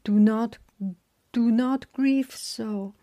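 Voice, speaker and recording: A woman's voice: fairly high pitch, fairly even intonation, very slow, mellow. A woman voicing an older male river god, a worried father, soothing his daughter in a whispered role-play. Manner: soothing, reassuring.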